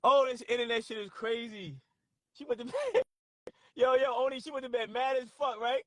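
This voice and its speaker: Loud, laughing New streamer, high lively voice, dry close sound. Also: male voice, moderate pace, no echo. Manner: laughing often, loud and profane, reacting to chat. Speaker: livestream host. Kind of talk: casual livestream chat.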